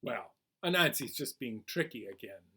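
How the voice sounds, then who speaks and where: A man reading a folk tale aloud at a children's storytime, animated and asking listeners questions. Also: medium pitch, moderate pace, husky.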